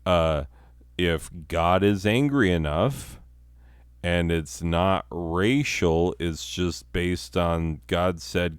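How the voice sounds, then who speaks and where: A man's voice: sits low, extremely slow, clean tone, dry recording. A man hosting a podcast, delivering a rambling, profane comedic monologue with sarcasm and laughing at his own jokes. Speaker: podcast host.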